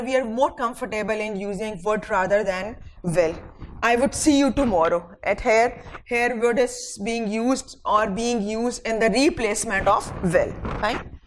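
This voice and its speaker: Slow high-voiced woman lecturing on grammar. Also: slight background noise, rough recording. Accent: Pakistani English. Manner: slow, deliberate, dictates example sentences word by word; checks in with "fine" between points. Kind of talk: recorded classroom lecture.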